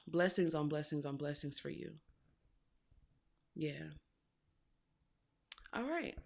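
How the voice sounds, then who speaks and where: A woman's voice: lowish voice, vocal fry. Chatty woman giving a tarot reading. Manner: chatty and affectionate, addresses viewers as y'all and baby; emphatic repetition of phrases. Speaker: tarot reader. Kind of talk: casual tarot reading to viewers.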